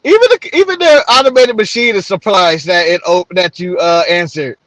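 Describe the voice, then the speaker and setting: Joking high-voiced male co-host. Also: moderate pace, a bit bright, no room sound, rough recording. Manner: joking, laughs often, trails off mid-sentence. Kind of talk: casual podcast chat.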